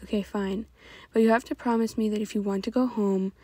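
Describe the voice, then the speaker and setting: A woman voicing a protective teenage boy who speaks calmly and firmly. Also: medium pitch, a little fast, no room sound, close to an everyday voice. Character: protective teenage boyfriend, gentle but firm.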